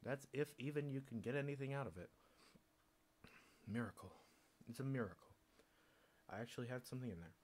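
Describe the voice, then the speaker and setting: A man's voice: mid-range voice, brisk, pauses often, darkish tone, slight background noise. A young man streaming, rambling in a casual monologue, sardonic and swearing freely.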